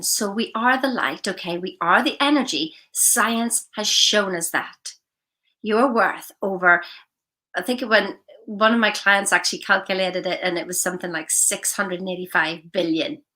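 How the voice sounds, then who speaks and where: A woman's voice: medium pitch, pushed and bright. A woman coaching her viewers in an enthusiastic, effusive motivational vlog, talking outdoors into her phone. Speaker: life coach. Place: outdoors in the morning.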